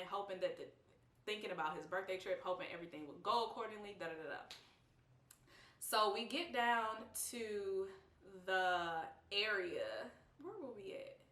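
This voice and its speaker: A young woman tells a storytime for her vlog, blunt and slangy, laughing often and playing out what everyone said. Her voice is bright and forceful. She sits a bit back from the mic in a roomy, echoey space. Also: medium pitch. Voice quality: animated, expressive, lively quoting of others. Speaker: vlogger. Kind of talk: casual storytime. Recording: roomy, slightly distant mic.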